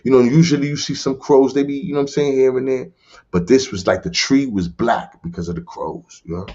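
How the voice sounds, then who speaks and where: A man's voice: medium pitch, fairly even intonation, a little fast, a little mellow. A man from the Bronx, a podcast guest telling his life story in streetwise slang and often asking "you heard?". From the Bronx, New York. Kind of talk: personal testimony in casual conversation. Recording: dull lo-fi recording.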